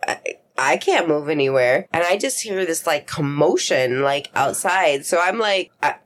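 Low-voiced woman podcast co-host. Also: animated, unhurried, slight background noise. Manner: chatty, adds to the story. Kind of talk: casual explicit chat.

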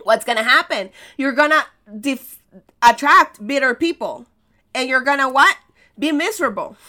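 A woman's voice: high voice, expressive, normal speed, bright, forceful tone. A woman with an American accent, a native Spanish speaker, hosting a podcast in a casual motivational monologue, telling stories with rhetorical questions and laughing at herself. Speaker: podcast host.

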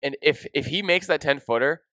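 A young man hosting a podcast, telling an emotional story in a casual, excitable way, full of "dude" and "like.". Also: on the high side, a little fast, no echo. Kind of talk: casual chat.

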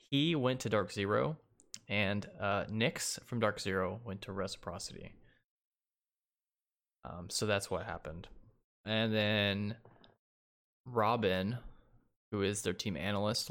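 A man's voice: fairly low pitch, a bit bright. A man co-hosting an esports podcast, talking in a laid-back way with lots of ums and easy laughs. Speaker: podcast co-host. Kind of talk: casual esports podcast chat.

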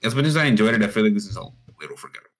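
A man's voice: lowish voice, sing-song. A man co-hosting a casual music podcast, rambling through his take with many fillers and restarts. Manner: rapid, rambling, lots of "like" and restarts. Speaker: podcast co-host. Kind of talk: casual music review chat.

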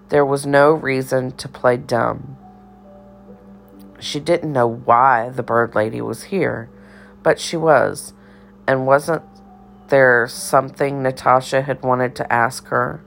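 A woman narrating a children's novel in a measured, even storytelling voice. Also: a bass voice, gravelly. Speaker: audiobook narrator.

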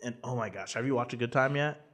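A young man co-hosting a movie podcast, talking excitedly and rambling, laughing often. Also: mid-range voice, fast. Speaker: podcast co-host. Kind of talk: casual chat about movies.

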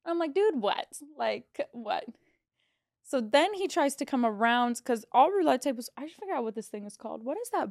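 A woman casino dealer and podcast co-host telling a story in casual chat, animated, full of "like" and the odd swear word. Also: sits high, quick pace, hardly any pauses, dry recording, studio quality. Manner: animated, heavy use of "like", swearing.

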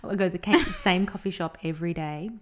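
A woman co-hosting a podcast, chatting casually and telling an animated story with frequent laughs. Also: on the low side, fast talker. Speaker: podcast co-host. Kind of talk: casual chat.

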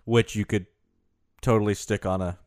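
A man's voice: on the low side, fairly even intonation, moderate pace, a little mellow, no room sound. A man co-hosting a podcast, chatting casually in a playful, jokey way and laughing often. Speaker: podcast co-host. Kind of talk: casual banter.

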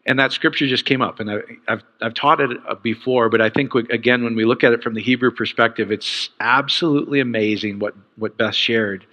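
A man's voice: mid-range voice, steady tone, a little fast, hardly any pauses, pushed and bright. A man preaching a sermon in an enthusiastic, conversational way. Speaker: pastor. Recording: dull sound with long hall reverb.

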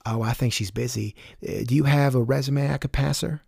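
A young female store cashier with a thick Southern US drawl, as a male storyteller puts her on, overly sweet on the surface and quick to turn curt. She speaks in a plain, middle-pitched register. The sound is close and dry. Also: steady tone, gravelly, a little mellow, husky, no room sound. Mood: cheery. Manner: overly cheery, then curt. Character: cheery young female cashier turning snippy.

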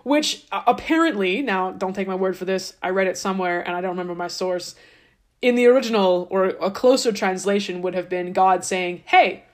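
A woman's voice: medium pitch, a little fast. Woman podcaster telling a story, sarcastic and chatty, lots of asides. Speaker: podcast host. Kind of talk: casual irreverent storytelling.

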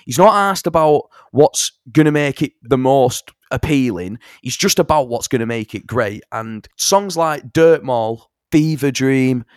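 A young man, telling stories in a casual interview about songwriting, animated and sweary. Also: medium pitch, unhurried, hardly any pauses, smooth, dry recording, clean studio sound. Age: young adult. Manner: animated storyteller, swears, fond of impressions. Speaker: songwriter and musician.

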